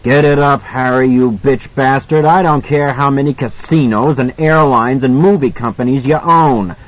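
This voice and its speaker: A drunken, half-mad man in a dog costume growls threats low in his throat, then breaks into violent, despairing shouts, as a male audiobook narrator puts him on. The recording sounds a little dull and lo-fi. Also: expressive, a little slow. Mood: drunken raging. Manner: growling taunts turning to ranting shouts.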